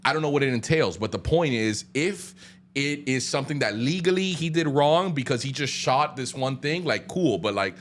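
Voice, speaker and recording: A man's voice: mid-range voice, lively intonation, normal speed, a little hiss or hum. A man co-hosting a podcast in casual chat, laid-back and full of fillers like bro and dog. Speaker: podcast co-host. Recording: audio-only podcast.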